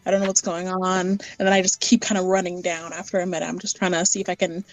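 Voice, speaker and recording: A woman's voice: on the low side, flat delivery, quick pace, no room sound, low-quality recording. Woman playing a tabletop character. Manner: narrates her character's actions in first person. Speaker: player.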